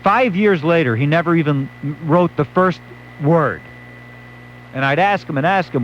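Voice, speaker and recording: A man's voice: a little high, normal speed, a little hiss or hum. A male late-night radio host, telling a wry story and acting out quotes. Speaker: radio talk show host. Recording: dull lo-fi AM radio recording.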